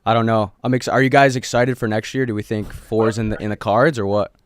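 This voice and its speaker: A man's voice: fairly low pitch, fairly even intonation, a little fast, no echo, studio quality. A man from Buffalo, a sports fan guest in casual chat, laid-back and a little sheepish. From Buffalo, USA.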